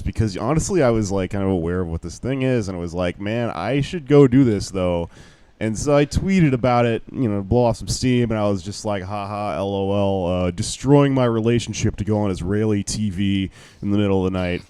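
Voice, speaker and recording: A man's voice: lowish voice, mellow, smooth, no echo. A tired man, a comedian guest, telling a story in casual podcast chat, loose and profane with many fillers.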